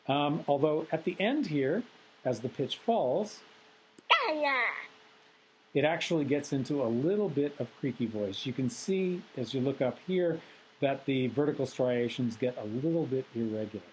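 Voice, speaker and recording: A man teaching a recorded software tutorial lecture, methodical and explanatory with frequent ums. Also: medium pitch, animated, moderate pace, slight background noise, rough recording. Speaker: instructor.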